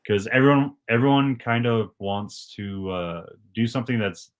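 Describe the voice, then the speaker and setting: A man's voice: mid-range voice, normal speed. A man hosting a casual podcast conversation, talking in an easygoing, chatty way with a lot of "man" and "like". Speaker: podcast host.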